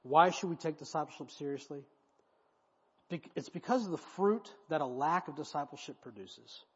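A male pastor preaching an expository sermon in an animated, conversational style, recorded in a church with an echoey hall and dull lo-fi sound. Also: on the high side, normal speed, breathy edge.

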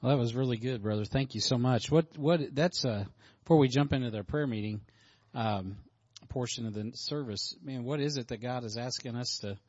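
A man's voice: medium pitch, normal speed, a little mellow, no echo. A male pastor talks loosely after a sermon, restarting and reaching for words. The recording is dry, with no room sound, and a bit dull. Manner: rambling, full of fillers. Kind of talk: casual remarks after a sermon.

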